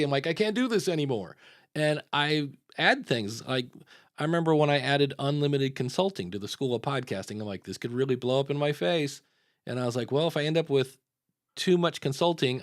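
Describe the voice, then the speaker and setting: A man's voice: medium pitch, no room sound, studio quality. Conversational man hosting a podcast. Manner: conversational, storytelling, acts out quotes. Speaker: podcast host. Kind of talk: casual podcast chat.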